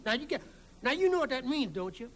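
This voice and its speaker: A man's voice: very high-pitched, fast. A man, an actor and comedian, telling anecdotes full of laughter and impressions. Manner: animated, laughing storyteller.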